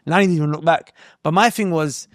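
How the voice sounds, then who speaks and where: A man chatting excitedly on a podcast, laughing often as he tells a story. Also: fairly high pitch, fast talker, no echo, studio quality. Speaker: podcast co-host. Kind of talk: casual chat.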